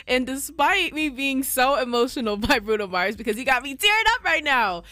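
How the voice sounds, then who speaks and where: A woman's voice: high-pitched, animated, moderate pace, sharp tone, no room sound. A woman radio DJ chatting on air in an effusive, emotional way, announcing a contest winner. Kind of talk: casual radio chat.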